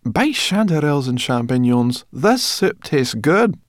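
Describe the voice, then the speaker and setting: A man voicing a hungry, sharp-tongued young female brownie who talks impatiently. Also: mid-range voice, sing-song, measured pace, dry recording, studio quality, pitched above the performer's own voice. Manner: impatient, tart.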